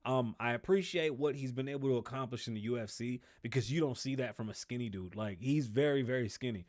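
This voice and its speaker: A man hosting a podcast alone, ranting casually and profanely in animated commentary. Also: medium pitch, fast talker. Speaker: podcast host.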